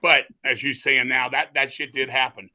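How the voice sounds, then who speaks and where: A middle-aged man telling animated, profanity-heavy stories in a casual interview. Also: medium pitch, moderate pace. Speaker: guest musician.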